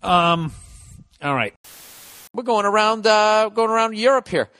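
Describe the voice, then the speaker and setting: A middle-aged man hosting a podcast, delivering a profane, sardonic comedic rant that swings from low mutters to loud outbursts into a close microphone. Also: lively intonation, unhurried, no room sound. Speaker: podcast host.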